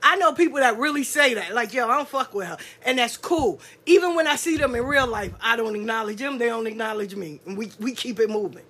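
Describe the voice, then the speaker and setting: A woman's voice: fairly high pitch, brisk, few pauses, fairly bright tone, slightly rough. A woman, hosting a solo podcast and ranting bluntly and profanely, acting out other people's voices. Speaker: podcast host. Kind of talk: casual solo podcast rant.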